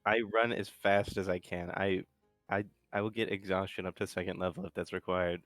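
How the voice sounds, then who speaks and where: Low-voiced man at a game table. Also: a little fast, no room sound, soft background music. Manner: excitable, swears, laughs often. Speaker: player. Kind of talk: casual chat at a game table.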